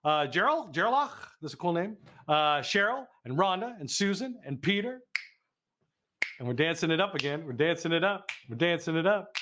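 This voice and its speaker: A man's voice: fairly high pitch, lively intonation, normal speed, fairly bright tone, slight background noise. A man from the Midwest hosting a live fundraising telethon, calling donation auctions in a playful, goofy way and teasing the audience.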